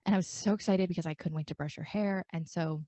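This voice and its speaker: A woman's voice: fairly low pitch, fairly even intonation, quick pace, warm tone, no echo, dull audio. A young adult woman co-hosting a podcast, telling stories in casual chat with lots of "like". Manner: chatty storyteller, lots of "like". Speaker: podcast co-host.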